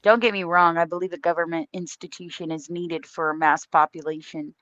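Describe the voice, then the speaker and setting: A woman's voice: lowish voice, fairly even intonation, fairly quick, a bit bright, no room sound, muffled recording. An American woman hosting a livestream, delivering a heated, profane political rant with blunt emphasis. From United States. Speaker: livestream host.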